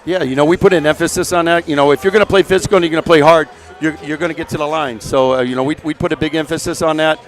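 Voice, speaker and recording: A man working as a high school basketball coach, giving a post-game interview in a loose, rambling way that leans on "you know.". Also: fairly even intonation, racing, few pauses. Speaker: head coach.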